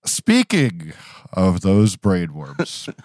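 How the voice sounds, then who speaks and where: A man's voice: sits low, huge pitch swings, very slow, a little mellow, no room sound, clean studio sound. A man co-hosting a podcast in casual chat, wry and sardonic. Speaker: podcast co-host.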